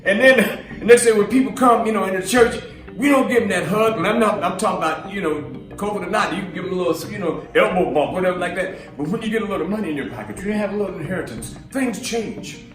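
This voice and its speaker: Man, minister, casual storytelling sermon, chatty, laughs often, slightly high, roomy echo. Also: fast, fairly bright tone, distant mic, faint music behind. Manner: chatty, laughing, acts out voices in his stories. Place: live stream from a roomy space.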